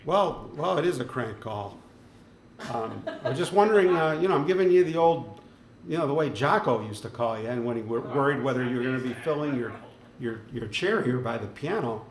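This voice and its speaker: A man's voice: mid-range voice, lively intonation, brisk, slight background noise. A man hosting a live lounge show from the piano. He chats casually, jokes and laughs easily. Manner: jokey, chatty, laughs easily. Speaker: show host and lounge pianist. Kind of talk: casual live-stream chat. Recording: echoey room with faint piano music.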